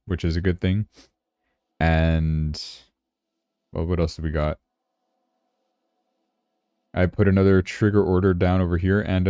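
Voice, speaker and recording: A man's voice: sits low, dark tone, dry recording, clean studio sound. A man hosting a casual crypto livestream, chatting and thinking aloud as he checks his charts, sounding tired. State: yawning, tired.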